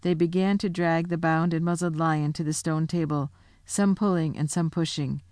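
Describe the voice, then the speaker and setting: A woman narrating a children's storybook aloud with expressive, dramatic delivery. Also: low-pitched, moderate pace, no echo, clean studio sound. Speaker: audiobook narrator.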